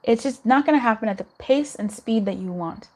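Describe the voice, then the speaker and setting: A woman's voice: on the high side, expressive, a little fast, darkish tone. A young woman doing a live tarot reading in a chatty, reassuring way, giggling and swearing now and then. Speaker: tarot reader.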